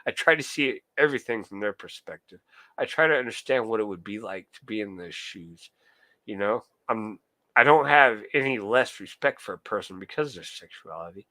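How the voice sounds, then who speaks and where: A man's voice: fairly low pitch, animated, moderate pace, pushed and bright, no room sound. A young man streaming live, ranting heatedly and swearing a lot while answering his chat. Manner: profane, heated, talks to chat. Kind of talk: casual ranting monologue.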